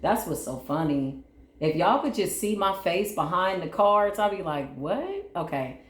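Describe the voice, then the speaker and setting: Lady doing a tarot reading, kinda low voice, calm and repeating herself, echoey room. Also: normal speed. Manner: soothing, repetitive, often asks "right?". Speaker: tarot reader.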